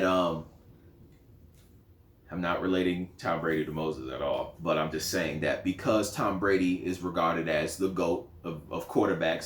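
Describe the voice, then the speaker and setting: A man teaching a Bible lesson in a sermon style, animated, acting out quotes in lively voices. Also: sits low. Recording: echoey room.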